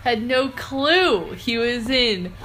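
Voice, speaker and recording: A young woman with a bright, clear voice co-hosts a casual podcast, rambling and poking fun at herself as she recaps a show. Faint music plays behind her. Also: a little high, lively intonation, slow. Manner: chatty, rambling, self-deprecating. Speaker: podcast co-host. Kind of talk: casual chat recapping a TV episode.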